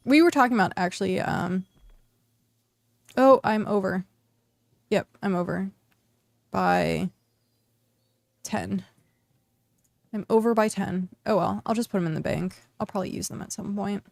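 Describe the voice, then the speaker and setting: A woman's voice: mid-range voice, creaky, a little mellow, no room sound, clean studio sound. A woman streamer from the United States chatting casually while she plays, rambling with lots of fillers and restarts. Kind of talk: casual chat while gaming.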